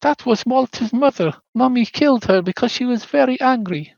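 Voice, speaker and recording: A man voicing a little ghost girl in a high, sweet, eerie voice. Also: animated, moderate pace, gravelly, darkish tone, no room sound, lo-fi sound, exaggerated voice.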